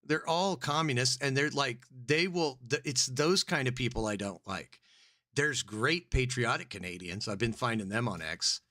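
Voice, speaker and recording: A man co-hosting a podcast, chatting casually and rambling with mocking voices. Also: normal speed. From United States. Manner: animated, rambling, puts on mocking squeaky voices. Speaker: podcast co-host. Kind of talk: casual comedic podcast chat.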